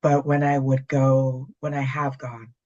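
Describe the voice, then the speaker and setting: A woman's voice: a bass voice, little pitch movement, unhurried, a little mellow. Middle-aged woman from canada chatting as a guest, blunt and funny, bit muffled audio. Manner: candid, dry humor. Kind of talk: casual conversation.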